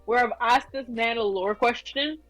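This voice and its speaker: Animated, swearing woman streamer. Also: on the high side, normal speed, no echo, faint music behind, low-quality recording. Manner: animated, swears freely, rants. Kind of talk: casual chat while drawing.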